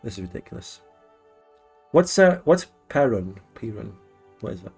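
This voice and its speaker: A man's voice: mid-range voice, sing-song, vocal fry, slightly rough, faint music behind. Frank Scottish man hosting a stream. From Scotland. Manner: chatty, frank, quick to laugh. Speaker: livestream host. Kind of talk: casual late-night stream chat.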